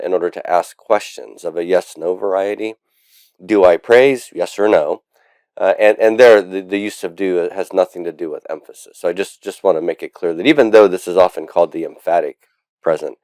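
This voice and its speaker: Male Latin teacher, very low voice, patient step-by-step lecture delivery, dry booth-like recording. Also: darkish tone, clear, resonant tone, no echo. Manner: patient, explains step by step with frequent fillers.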